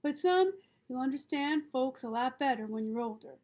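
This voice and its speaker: Lady reading as a calm patient dad, steady and reasoning, kinda high voice. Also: moderate pace. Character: calm, wise middle-aged father and lawyer.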